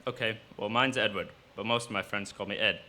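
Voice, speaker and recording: Guy doing a british stranger voice, chatty and friendly, fairly low and punchy. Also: fairly even intonation, fairly quick, sharp tone, a little hiss or hum. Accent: put-on British. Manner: chatty, calls people love. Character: rough-talking British male stranger.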